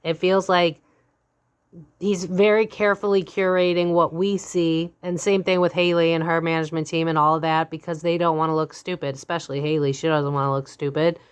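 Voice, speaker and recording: A young woman with a slightly low voice reads tarot cards for her viewers in a loose, chatty way. She is blunt, curses casually and breaks into laughter. She talks plainly and candidly throughout. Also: little pitch movement, brisk, clean tone. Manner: blunt and candid, swears freely, laughs often. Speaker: psychic tarot reader. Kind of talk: casual spoken tarot reading.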